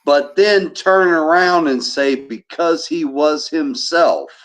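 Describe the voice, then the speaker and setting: A man's voice: a little high, slow, fairly bright tone. A man co-hosting a casual livestream chat, rambling and repeating himself as he talks.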